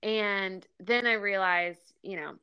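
A woman's voice: medium pitch, takes it slowly, smooth, lo-fi sound. A woman in her thirties, a podcast co-host telling family stories in casual chat, laughing often. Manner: animated storyteller, laughs often.

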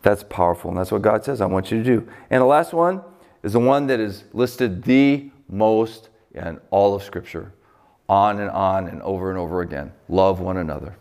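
A middle-aged man from Buffalo preaching a sermon as pastor, conversational and joking, with lively swings in pitch. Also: moderate pace. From Buffalo, New York.

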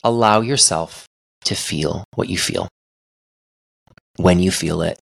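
A young man hosts a solo podcast in a very low voice with a gravelly edge. He talks earnestly and thoughtfully, often restarting his sentences as he works through his ideas. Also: slow, no room sound, clean studio sound. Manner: earnest, reflective, many restarts. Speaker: podcast host.

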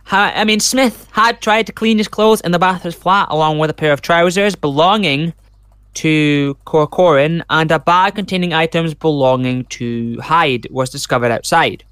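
This man, hosting a relaxed true crime podcast, has a fairly high, fairly bright, resonant voice and speaks at a normal speed. He reads case notes aloud and rambles into chatty asides, all in clear, clean studio sound without echo.

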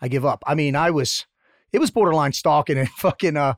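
A middle-aged man hosting a casual interview podcast, with a slightly high voice. He jokes bluntly and swears freely. The sound is dry and close. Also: brisk, dry recording. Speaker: podcast co-host, former Navy SEAL.

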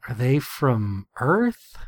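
A man's voice: medium pitch, very animated, very slow. A man co-hosting a casual chat, dry and fond of acting out characters' lines. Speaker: podcast co-host.

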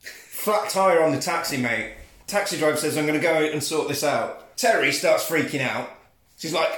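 This man retells a film plot at full tilt, swearing freely and laughing as he goes. His voice sits high for a man. The room around him is echoey. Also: moderate pace. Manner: profane, animated storytelling with laughs. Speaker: podcast co-host. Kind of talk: casual film recap chat.

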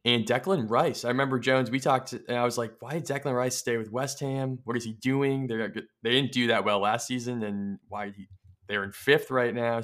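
A man's voice: on the low side, a bit bright. A man co-hosting a sports podcast, speaking with enthusiasm and posing questions aloud in a casual way. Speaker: podcast co-host.

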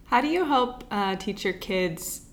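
A woman's voice: mid-range voice, lively intonation. A woman interviewer asking questions in a casual conversation and offering short, encouraging replies. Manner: encouraging, quick affirmations.

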